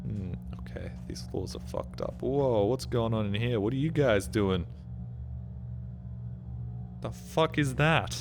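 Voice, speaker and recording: A man's voice: mid-range voice, slow, long pauses, over music. A man streaming a game, chatting casually in a rambling, sweary, self-mocking way. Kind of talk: casual live-stream chat. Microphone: streaming microphone.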